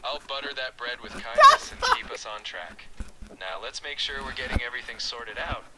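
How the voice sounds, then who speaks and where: A man's synthetic voice playing an easygoing Southern cowboy with a slow drawl and sweet talk. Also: medium pitch, heavy background noise, natural voice. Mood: folksy.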